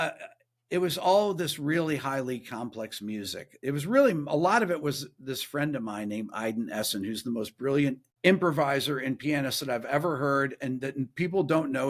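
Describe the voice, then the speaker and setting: A guest musician and producer is interviewed on a podcast, relaxed as he narrates a story. He shifts to a higher pitch to act out the voices he quotes.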